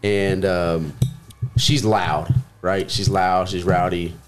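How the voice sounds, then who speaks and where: A man's voice: deep voice, level tone, takes it slowly, soft background music. A young man from Texas telling a rowdy story in casual chat, swearing freely and acting out what people said. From Grand Prairie, Texas. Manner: rambling storyteller, swears freely, acts out quotes.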